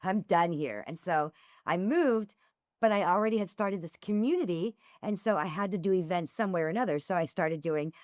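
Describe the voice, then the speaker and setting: Animated woman guest telling stories. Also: fairly low pitch, brisk, no echo, clean studio sound. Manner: animated storyteller who acts out dialogue. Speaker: podcast guest, former swingers event host. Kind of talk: casual podcast conversation.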